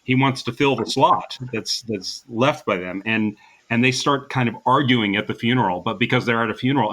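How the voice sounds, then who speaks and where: Bright-voiced man chatting about a movie. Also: medium pitch, moderate pace. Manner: animated retelling with laughter. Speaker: podcast co-host. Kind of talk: casual movie discussion.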